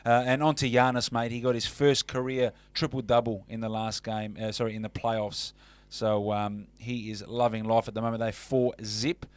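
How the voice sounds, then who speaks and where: A man's voice: mid-range voice, flat delivery, moderate pace, no room sound. Chatty man on sports radio. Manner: chatty, calls co-host mate. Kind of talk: casual sports radio chat.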